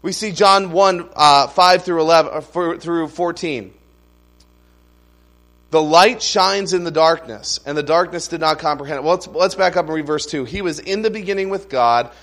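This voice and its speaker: Guy preaching a sermon, kinda high voice, chatty, slows way down on the big lines. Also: a bit bright. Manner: explanatory, conversational with asides and humor; slows down to stress key phrases. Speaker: pastor.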